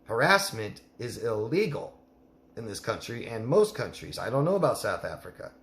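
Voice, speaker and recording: A man's voice: medium pitch, sing-song, normal speed, a bit bright, roomy sound. Blunt, emphatic male life coach. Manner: blunt, emphatic, repeats the listener's name. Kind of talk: live Q&A advice.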